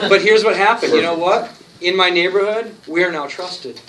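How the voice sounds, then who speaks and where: A man telling stories from his work as a church planter at a conference talk, animated and acting out the people he quotes. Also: sits high, normal speed, crowd noise. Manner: storytelling, animated, acts out quotes. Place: conference room. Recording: distant mic with noticeable hiss.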